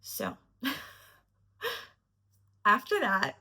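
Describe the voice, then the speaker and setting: A woman's voice: medium pitch, huge pitch swings, extremely slow, pushed and bright, breathy edge. A woman telling a personal story to camera in a reflective, earnest way, at times emotional. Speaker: vlogger.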